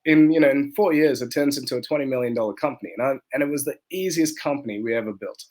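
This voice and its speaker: A man's voice: medium pitch, fast. A man guesting on a podcast, telling stories about his businesses casually and animatedly, laughing often. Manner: animated, laughs often, acts out quoted dialogue. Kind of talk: casual storytelling in conversation.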